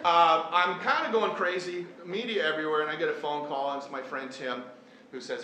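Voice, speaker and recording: A man's voice: fairly high pitch, fairly quick, bright, forceful tone. A middle-aged man, a teacher, tells a personal story to a live audience in an earnest, self-deprecating way. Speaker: teacher and event speaker. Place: large echoey hall. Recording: echoey hall, faint room noise.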